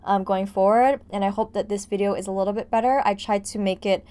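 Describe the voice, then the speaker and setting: A woman's voice: medium pitch, steady tone, fast, warm tone. Breathless chatty young woman. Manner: chatty, rambling, heavy use of "like". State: out of breath and jittery from caffeine. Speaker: gaming vlogger. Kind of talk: casual voice-over commentary on a building game.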